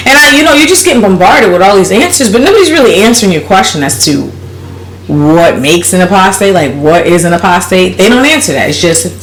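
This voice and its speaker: A woman's voice: mid-range voice, lively intonation, a little fast, roomy sound, a little hiss or hum. A woman vlogger telling a personal story in a casual, blunt and profane way, laughing as she goes.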